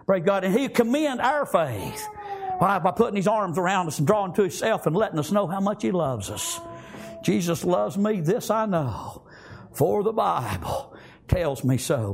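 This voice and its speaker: Delivering his sermon with fervor, a preacher speaks in a strikingly high, husky voice whose pitch leaps up and down. He punctuates nearly every line with "amen" and "praise God."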